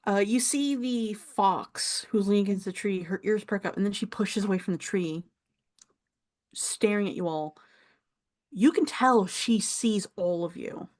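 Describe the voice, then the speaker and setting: Brief: chatty woman game master, mid-pitched voice, laughs a lot while narrating. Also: a little slow, a little mellow.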